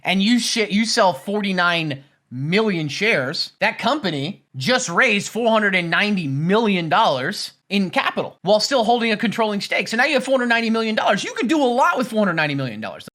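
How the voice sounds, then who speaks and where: High-voiced man rambling on a livestream. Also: big pitch swings, fairly quick, few pauses, sharp tone. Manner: rambling, repeats himself, says "right?" a lot; profane, jokey asides. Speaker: stock trading streamer. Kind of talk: casual livestream explainer.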